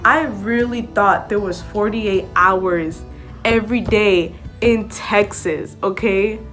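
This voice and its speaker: A woman's voice: mid-range voice, takes it slowly, fairly bright tone, faint music behind. A young woman vlogging casually to camera, chatty and full of "like" and "okay?", switching between English and Spanish. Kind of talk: casual story-time chat to camera.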